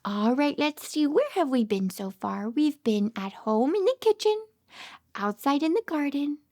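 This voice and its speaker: A woman with a very high, bright-sounding voice reads a picture book to toddlers, drawing her words out slowly. She swoops up and down in an animated, sing-song way, gasping with delight and dropping into hushed asides as a speech therapist would for small children.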